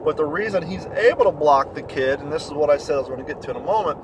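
A man telling a story in a blunt, profane rant, getting louder when indignant. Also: on the high side, quick pace, noisy background. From Kentucky, USA. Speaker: vlogger. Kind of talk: ranting storytelling monologue.

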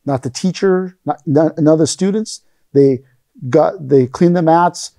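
A middle-aged man tells rambling stories in a casual interview, slipping into the voices of the people he quotes. His voice sits a little high for a man but sounds mellow and warm. The sound is dry and close. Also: unhurried, no room sound. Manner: rambling anecdotes, acts out quoted lines. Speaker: interview guest, aikido teacher.

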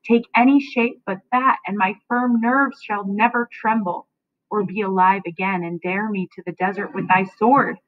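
A woman teacher reading aloud as Macbeth, a haunted and frantic king, slowly and with a raised, louder voice. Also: steady tone, close to an everyday voice. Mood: raging. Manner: reads the verse slowly, rising in pitch and loudness. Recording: dry, tinny phone-like sound.

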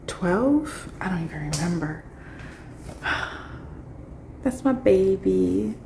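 Speaking very slowly with vocal fry and frequent pauses, a young woman chats emotionally and casually to her viewers through her phone camera. Her medium-pitched voice is expressive, and background noise can be heard.

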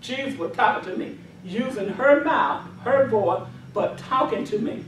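A woman's voice: on the high side, animated, a little slow, a little hiss or hum. A woman minister giving a testimony and then leading a deliverance prayer with fervent, repetitive commanding cries. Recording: echoey hall from far off.

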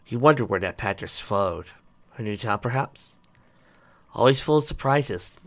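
A man's voice: mid-range voice, expressive, unhurried. A man reading a story aloud in a plain, slightly uneven way. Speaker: reader.

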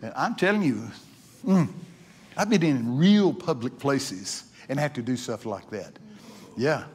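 A man preaching in a church, telling stories in a folksy, repetitive way that climbs into excited exclamations. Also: mid-range voice, unhurried, breathy edge. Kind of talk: sermon with storytelling.

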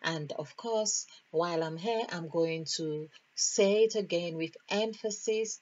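Slow, husky woman musing over numbers. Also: on the low side, a little mellow. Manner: deliberate, musing, counting out numbers aloud. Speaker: spiritual teacher. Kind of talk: numerology lesson, thinking aloud. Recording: dull lo-fi recording.

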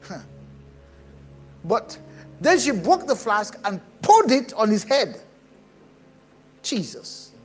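A man preaching a sermon, animated and bursting into shouts. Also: sits high, takes it slowly, long pauses, faint music behind. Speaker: pastor.

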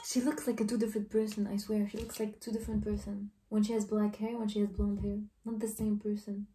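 Woman gushing over a music video in a casual vlog, kinda flat and mellow, echoey room, sits far from the mic. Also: mid-range voice, fast. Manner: gushing, exclamatory, loose informal phrasing. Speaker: reaction video host.

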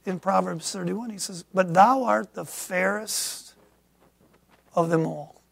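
A middle-aged man from Michigan preaching a sermon as pastor, swinging from quiet asides to loud emphatic peaks. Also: sits high, slow pace, vocal fry, husky. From Michigan, USA.

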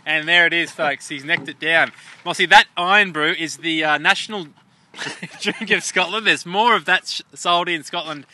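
A man's voice: on the high side, normal speed, bright, forceful tone, dry recording. An Australian man co-hosting a jokey sports show outdoors at a stadium, with a mock-formal presenter patter. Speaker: co-host.

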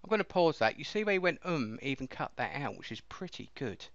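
A man casually walking viewers through a piece of software step by step, in a chatty explaining way. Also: medium pitch, sing-song, fairly quick, no room sound. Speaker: software reviewer. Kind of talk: casual screen-recording walkthrough. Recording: dull lo-fi dry mic.

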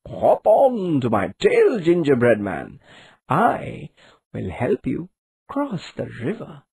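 A woman's voice: deep voice, wildly swooping pitch, takes it slowly, creaky, mellow, breathy edge, heavily acted. A woman voicing a sly male fox who coaxes in a falsely kind way. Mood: coaxing.

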